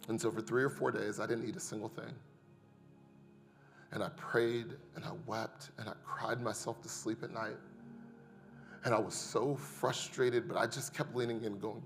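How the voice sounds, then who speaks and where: A man's voice: mid-range voice, fairly even intonation, normal speed, creaky, in a large hall, faint music behind. Man preaching with rising passion. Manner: builds from hushed to loud and impassioned; addresses the congregation as "y'all". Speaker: pastor. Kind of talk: sermon.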